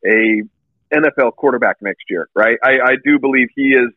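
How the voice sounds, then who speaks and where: A man's voice: mid-range voice, fairly quick. A man co-hosting a sports podcast remotely, talking steadily and agreeably, with frequent "uh" fillers. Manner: agreeable, steady, fills gaps with uh. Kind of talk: casual sports talk. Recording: tinny phone-like line.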